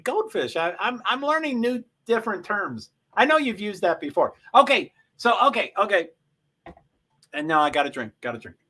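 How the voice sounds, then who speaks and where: Rambling man with a high, bright voice. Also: big pitch swings, moderate pace. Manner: rambling, self-interrupting, frequent throat clearing. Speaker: livestream host. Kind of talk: casual live race commentary.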